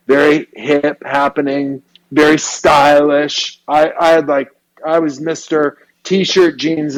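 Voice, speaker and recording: Brief: man, guest storyteller, slangy and animated, slightly higher voice. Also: rough recording. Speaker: hairstylist guest. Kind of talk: storytelling interview.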